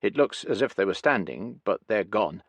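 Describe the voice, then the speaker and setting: A man's voice: fairly low pitch, big pitch swings, normal speed, dry recording. A man voicing a weary, talkative Soviet gunner in an audiobook.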